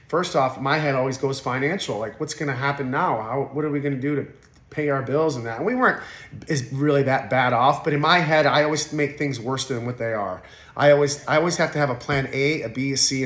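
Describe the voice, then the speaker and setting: A man's voice: medium pitch, fairly bright tone. A man in his forties talking candidly as an interview guest, blunt and emotional, with profanity and frequent restarts. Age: 40s. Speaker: podcast guest. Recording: roomy echo.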